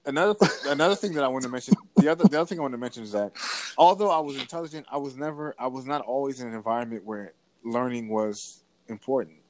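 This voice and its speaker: A man co-hosting a casual podcast, telling stories in a lively way with frequent restarts. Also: mid-range voice, quick pace. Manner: animated storytelling with frequent restarts. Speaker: podcast co-host. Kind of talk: casual conversation.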